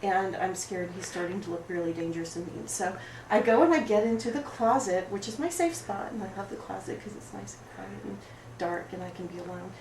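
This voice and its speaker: An actress playing an oversensitive, apologetic woman at a support group, rambling through an improvised monologue in a rough, emotionally raw way. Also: mid-range voice, a little fast, few pauses, darkish tone, lightly acted. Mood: wounded. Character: oversensitive, apologetic woman pouring out her woes. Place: roomy studio space. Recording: echoey room, far mic, background noise.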